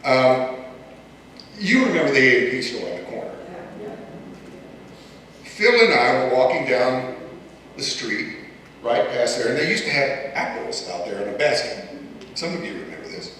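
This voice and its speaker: An older man tells folksy stories to a reunion audience. He speaks to the crowd directly, and his delivery is animated and bright. He is picked up from a distance in a big, echoing hall. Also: mid-range voice, moderate pace, pauses often. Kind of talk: storytelling speech to an audience. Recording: echoey hall, distant mic, faint ambience.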